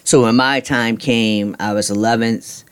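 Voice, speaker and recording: A middle-aged man talks straight into the mic as a podcast host, recounting his own story. His voice sits at an ordinary pitch for a man, and he speaks bluntly, with frustration that breaks into ranting and casual swearing. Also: fairly even intonation, measured pace, smooth. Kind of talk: personal storytelling monologue.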